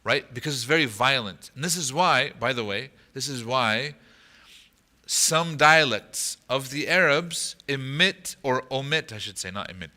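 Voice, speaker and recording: A man teaching a class on a Quran chapter in a mosque. He explains step by step, quizzes his listeners and slips into short Arabic recitations. His voice is very bright and sits at a middle pitch. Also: animated, a little slow. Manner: explanatory, asks the audience rhetorical questions. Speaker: imam teaching Quran commentary. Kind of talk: lecture to an audience.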